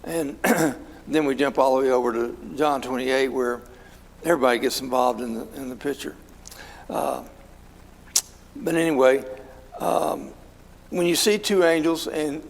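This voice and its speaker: A man's voice: mid-range voice, a little slow, big-room sound, poor audio. A man leading an informal Bible study in a church, talking conversationally and asking his class questions. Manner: conversational, asks the class questions, many fillers. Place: church hall.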